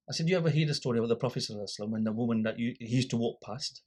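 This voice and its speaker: A man with a medium-pitched voice talks at a racing pace as a guest on a podcast. He tells a story casually and animatedly, acting out the quoted exchanges between the people in it.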